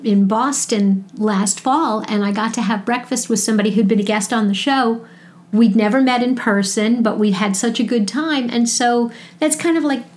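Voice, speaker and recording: A woman's voice: a little high, darkish tone. Chatty woman with a Brooklyn accent. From New York. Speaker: podcast guest, marketing educator. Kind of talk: casual interview chat.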